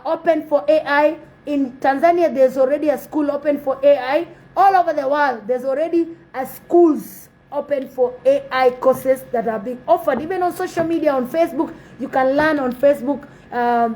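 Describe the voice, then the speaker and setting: A woman's voice: high voice, warm tone, rough recording. A woman giving an impassioned spoken address to her community, pleading and exhorting with repeated phrases. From South Sudan.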